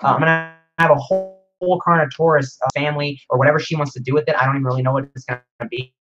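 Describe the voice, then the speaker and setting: A man hosting a casual livestream Q&A, rambling excitedly as he reads viewer comments aloud. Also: fairly high pitch, rapid-fire, highs cut off, soft background music. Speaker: livestream host.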